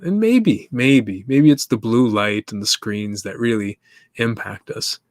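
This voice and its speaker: Hosting his own podcast alone, an East African man muses loosely in a casual monologue, laughing often and posing questions to listeners. His medium-pitched voice has lively intonation and an unhurried pace, recorded in studio quality with no room sound.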